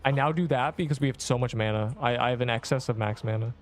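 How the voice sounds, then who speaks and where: A man's voice: medium pitch, quick pace. A man in his twenties streaming a game, chatting casually with viewers in a rambling, offhand, slangy way. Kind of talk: casual livestream chat answering viewers.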